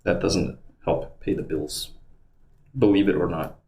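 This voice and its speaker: A man's voice: low voice, steady tone, unhurried, gravelly, warm tone. A man chatting casually on a livestream, rambling and muttering to himself as he goes, in a room at home. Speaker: live streamer. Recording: roomy echo with faint background hum.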